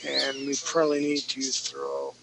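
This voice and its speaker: A man's voice: mid-range voice, fairly even intonation, a little slow, creaky, noisy background. A man teaching a live online drawing class, chatty and self-mocking as he talks through each stroke. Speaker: drawing instructor.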